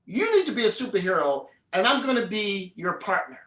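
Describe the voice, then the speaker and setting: A man's voice: high-pitched, sing-song, brisk, pushed and bright, heavily acted. Man acting out a demanding fifteen-year-old girl, insistent, in a roomy hall.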